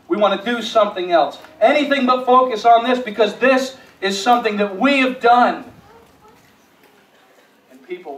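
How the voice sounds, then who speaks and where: In an echoey church sanctuary, a male pastor with a fairly high voice preaches a sermon, the recording slightly distant with a faint hiss behind it. He swings between hushed storytelling and rising, emphatic appeals. He often repeats words as he restarts a phrase.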